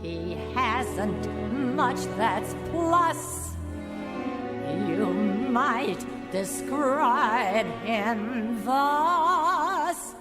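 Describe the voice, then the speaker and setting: A woman's voice: on the high side, lively intonation, very slow, loud music behind the voice. A woman singing a wry musical theatre number on a cast album. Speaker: singer in a stage musical cast recording. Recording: cast album with loud orchestra.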